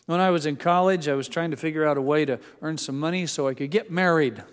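Older male preacher, earnest and chatty, slightly high voice, echoing church room. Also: quick pace, clear, resonant tone. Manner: earnest, conversational, with small restarts. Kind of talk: sermon. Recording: echoey hall.

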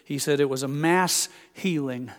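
A man's voice: a little high, measured pace, in a large hall. An older man, a pastor, preaching a sermon in a church and putting questions straight to his congregation. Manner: earnest, asks the congregation questions directly. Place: church sanctuary.

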